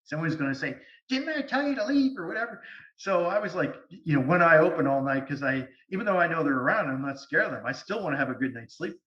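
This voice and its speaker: A man speaking as a guest medium, telling stories in an animated way over a video call. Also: on the high side, quick pace, hardly any pauses. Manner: animated, lively storytelling. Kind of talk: storytelling interview. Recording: distant, echoey, dull sound.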